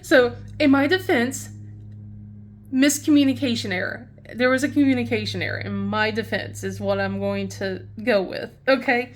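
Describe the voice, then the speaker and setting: A woman's voice: on the high side, steady tone, moderate pace, a little hiss or hum. A woman chatting casually as a craft channel host, rambling and laughing often. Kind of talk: casual chat while crafting.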